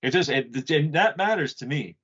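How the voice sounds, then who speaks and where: A man's voice: fairly high pitch, expressive, fairly quick, a bit bright, slightly rough. Profane rambling man on a muffled podcast. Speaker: podcast co-host. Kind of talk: casual chat. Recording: muffled lo-fi audio.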